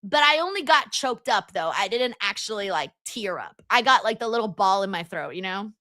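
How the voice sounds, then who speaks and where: A woman's voice: mid-range voice, animated, moderate pace, sharp tone, dry recording. A young woman hosting a live-stream watchalong, chatting casually and giggling as she reads out viewer comments.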